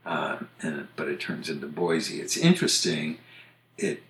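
A man from the United States hosting a podcast, casually explaining things in a measured way and spelling words out letter by letter. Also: extremely low pitch, fairly even intonation, a bit bright, echoey room, a little hiss or hum. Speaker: podcast host on English usage.

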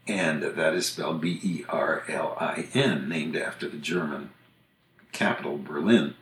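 A man from the United States hosting a podcast, casually explaining things in a measured way and spelling words out letter by letter. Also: a bass voice, steady tone, a bit bright, reverberant. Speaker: podcast host on English usage.

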